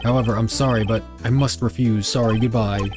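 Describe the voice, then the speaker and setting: A man's voice: on the low side, fairly even intonation, brisk, over music, natural voice. A man voicing a pompous, evasive older male lawyer who hems and haws. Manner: stuffy, hemming and hawing.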